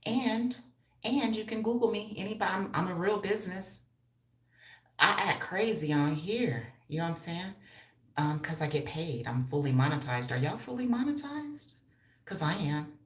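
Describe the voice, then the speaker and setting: A woman's voice: lowish voice, expressive, moderate pace. A woman of fifty hosting a casual livestream from home, brash and profane and laughing often as she reads viewer comments. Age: 50s. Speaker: hairstylist and livestream host. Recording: echoey room.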